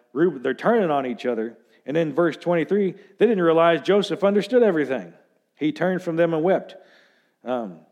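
A man's voice: on the high side, darkish tone. A man preaching a sermon in a conversational way, reading scripture aloud and talking it through with frequent fillers and restarts.

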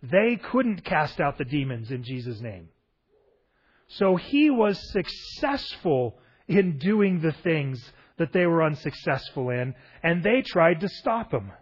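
A pastor preaching a conversational sermon, retelling a gospel scene and often asking rhetorical questions with a light, joking touch. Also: male voice, on the high side, very animated, takes it slowly, husky, dull audio.

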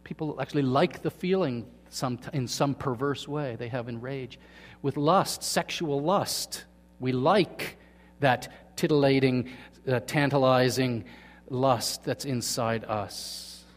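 A man preaching a sermon to his congregation, asking them questions and swinging from quiet to emphatic. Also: mid-range voice, slow, long reverb tail. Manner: asks the congregation questions, swings between soft and loud. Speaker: pastor. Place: church hall.

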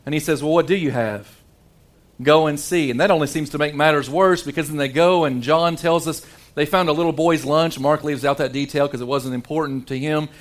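Male pastor, slightly high voice, sermon delivery, hushed dramatic emphasis, frequent restarts. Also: fairly quick. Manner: dramatic, shifts between hushed low tones and animated quoted voices; repeats words and restarts often.

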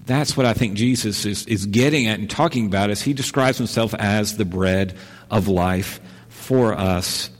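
A man's voice: lowish voice, normal speed. Conversational male preacher in a reverberant hall. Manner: conversational, repeats and restarts phrases. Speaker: pastor. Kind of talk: sermon.

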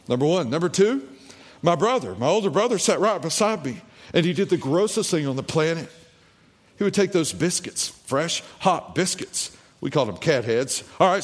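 A man preaching a sermon as the pastor, telling a childhood story and asking his congregation rhetorical questions. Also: high-pitched. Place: church hall. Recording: long hall reverb.

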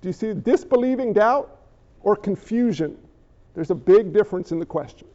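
High-voiced animated male preacher. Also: normal speed, lo-fi sound. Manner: animated, jokey storyteller. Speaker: pastor. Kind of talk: sermon.

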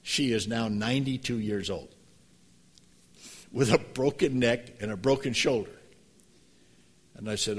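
A pastor preaching a sermon, moving from quiet storytelling to emphatic, passionate preaching. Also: male voice, lowish voice, moderate pace, pauses often, slightly rough.

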